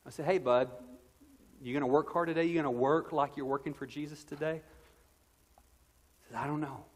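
A man's voice: on the high side, fairly even intonation, brisk. A man in his thirties preaching a sermon as pastor, earnest and conversational with playful asides. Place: church sanctuary. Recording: long reverb of a church hall.

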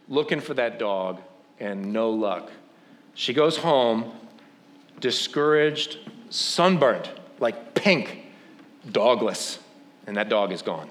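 A man's voice: fairly high pitch, takes it slowly. A man preaching, telling a funny, self-deprecating story and acting out what people said. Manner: animated, self-deprecating, acts out quotes. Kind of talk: humorous sermon storytelling.

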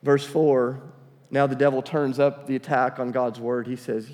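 A man's voice: medium pitch, level tone, moderate pace, darkish tone. A man preaching a sermon to a congregation, reading scripture and asking them to call out answers. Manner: emphatic, asks the congregation to respond. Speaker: pastor. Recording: reverberant church hall.

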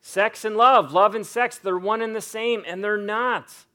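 A man preaching a sermon, earnest and emphatic, repeating phrases for weight and reading scripture slowly and dramatically. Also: high-pitched, pushed and bright. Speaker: pastor.

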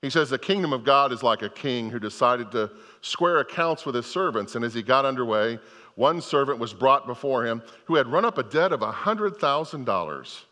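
A man's voice: medium pitch, lively intonation, moderate pace, bright, forceful tone, in a large hall. An older man preaching a sermon, telling a parable as a story and often restarting his phrases. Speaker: pastor.

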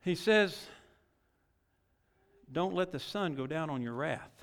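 A middle-aged male pastor preaching with a high, bright, clear voice. His folksy delivery is full of rhetorical questions and drops to quiet asides before rising to loud exhortation. The long reverb of a large church hall trails every phrase. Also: lively intonation, slow pace. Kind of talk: sermon.

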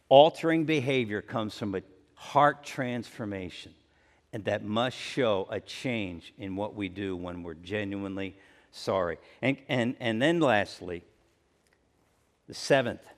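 A male pastor preaching a conversational sermon, acting out everyday apologies in lively asides. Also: fairly low pitch, takes it slowly, in a large hall. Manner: conversational, acts out everyday apologies with rising energy.

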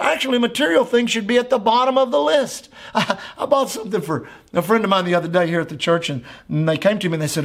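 A man's voice: sits high, fairly bright tone. A man, a pastor, preaching a sermon in a church with an emphatic, repetitive cadence.

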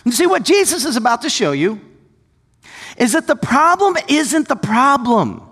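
Animated high-voiced male preacher. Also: moderate pace, husky. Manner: animated, conversational, with sudden shouts and asides. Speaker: pastor. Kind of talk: sermon. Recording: long hall reverb.

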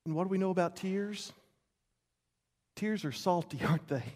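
Man, pastor, sermon, high-pitched, dramatic, repeats words for emphasis. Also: moderate pace. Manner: dramatic, swinging from loud to hushed.

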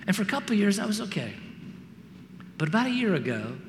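A man delivers a storytelling sermon fast and in a high voice, animatedly voicing the people in his tales. There's a big-room sound to the recording and background noise behind him.

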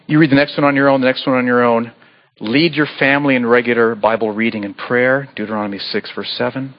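A man preaching a sermon as pastor, earnest and pleading, with sudden animated bursts. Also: mid-range voice, fast, muffled recording. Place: church sanctuary.

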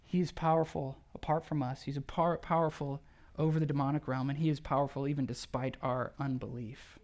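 A pastor preaching a sermon to a church in a conversational, animated way, often asking rhetorical questions. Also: medium pitch, brisk. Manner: animated, acts out quoted speech.

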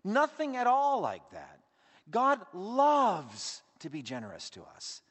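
A man preaching a sermon as pastor, swinging between emphatic lines and hushed asides. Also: high voice, huge pitch swings, slow, big-room sound.

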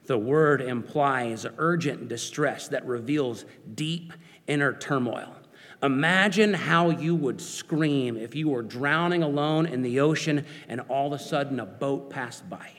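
A man's voice: mid-range voice, a little slow, fairly bright tone, long reverb tail. A man preaching a sermon, earnest and searching, putting questions to his listeners.

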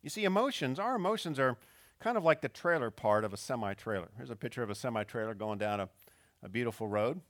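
A man's voice: mid-range voice, lively intonation, fast talker, fairly bright tone, no echo. Man, preacher, sermon, storytelling, acted-out quotes, dry sound. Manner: storytelling, acts out quotes with rising intensity. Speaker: pastor.

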